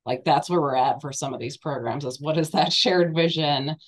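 A woman who is hoarse from a cold and is losing her voice, speaking earnestly as a webinar panelist. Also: sits low, moderate pace. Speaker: webinar panelist, residency program leader. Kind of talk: conversational panel remarks.

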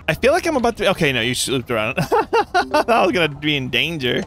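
A young man giving playful, animated commentary while playing a game, with quick reactions and jokey cries of pain. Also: fairly high pitch, slight background noise. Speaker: gaming YouTuber.

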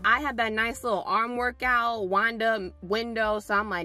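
A woman's voice: on the high side, normal speed, few pauses, sharp tone, soft background music. A young woman telling casual storytime anecdotes about delivery driving, acting out quotes in shifting voices. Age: young adult. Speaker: vlogger and delivery driver.

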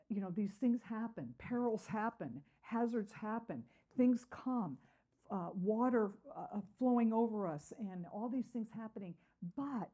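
A woman leads a Bible study lesson in a soft, mellow voice at an everyday pitch. She talks earnestly, peppering her teaching with "uh" and posing questions to the class before answering them herself. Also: expressive, measured pace, breathy edge. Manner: earnest, with frequent "uh" fillers.

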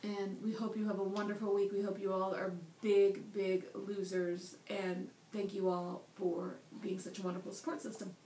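A woman's voice: mid-range voice, flat delivery, normal speed, few pauses, warm tone. A tired woman chatting casually to her viewers in a rambling, self-deprecating way. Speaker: vlogger. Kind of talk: casual chat. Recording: roomy echo.

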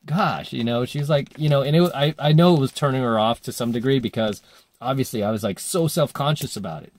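A man's voice: mid-range voice, a little fast. A man coaching dating, telling a story in a casual monologue, full of fillers, and acting out the voices he quotes.

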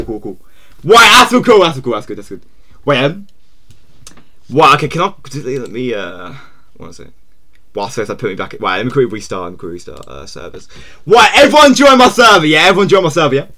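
A man live-streaming a game, chatting to his viewers and ending nearly every phrase with "yeah?", and shouting when something surprises him. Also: on the high side, very animated, a little fast. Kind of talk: casual live gaming stream chat.

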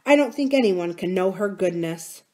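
A man's voice: high-pitched, animated, moderate pace, darkish tone. A woman reading the part of an earnest, troubled young man who speaks in a confiding way.

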